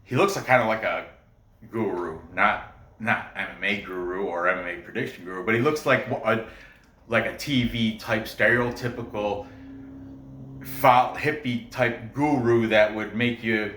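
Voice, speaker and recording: Rambling man with a bright voice. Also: on the low side, a little slow, echoey room, recorded from a distance, a little hiss or hum. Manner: rambling, laughs often, many restarts. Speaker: podcast host making fight picks. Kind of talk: casual chat.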